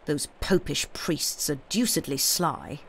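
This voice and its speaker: A dark, suspicious doctor muttering peevish complaints as a man acts him out. Harsh and sour in a storybook reading. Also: on the high side, takes it slowly, creaky, slight background noise, exaggerated voice.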